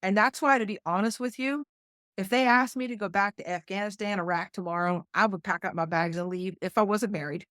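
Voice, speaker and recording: A middle-aged woman with a West Virginia accent, a combat flight nurse appearing as a podcast guest, tells a story in conversation. Her mid-range voice moves fairly quickly, and she animatedly acts out what others said, quoting them in lively voices. The recording is studio quality with no echo.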